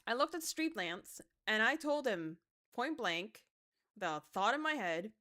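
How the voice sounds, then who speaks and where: A young woman streams herself gaming and chatting casually, her fairly high voice moving at a moderate pace. She's animated, swinging from mumbles to excited shouts, swearing offhandedly and laughing her way through stories.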